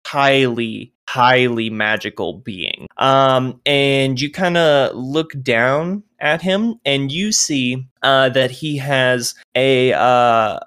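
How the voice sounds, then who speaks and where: A man's voice: medium pitch, slow, hardly any pauses, fairly bright tone, smooth. Casual man running a tabletop game. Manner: casual, filler-heavy, laughing. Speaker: game master.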